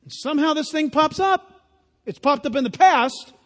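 A man preaching a sermon in a lively, conversational way. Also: extremely high pitch, moderate pace. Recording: long hall reverb.

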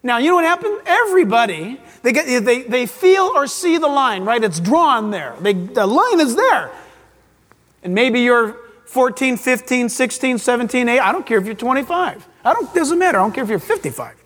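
A pastor preaching a sermon, animated and dramatic, acting out little voices as he teaches. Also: very high voice, moderate pace. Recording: long hall reverb.

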